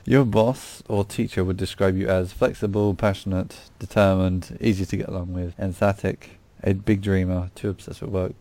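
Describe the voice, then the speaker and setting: A man with a fairly low voice runs a playful quiz on a podcast. He reads out lists of options in a loose, joking way, tripping over words and laughing at himself. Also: level tone, normal speed, warm tone, slight background noise. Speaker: podcast host reading quiz questions. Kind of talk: casual chat.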